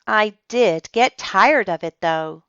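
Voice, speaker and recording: A woman's voice: mid-range voice, animated, slow pace, fairly bright tone, clean tone, no room sound, highs cut off, voice pushed up. A woman voicing a polite, earnest young boy in a storybook reading.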